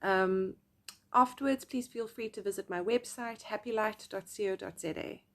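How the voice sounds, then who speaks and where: Young woman, psychic medium, chatty storytelling vlog, expressive, mid pitch. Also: moderate pace. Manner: chatty, expressive, with filler words. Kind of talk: personal storytelling to camera.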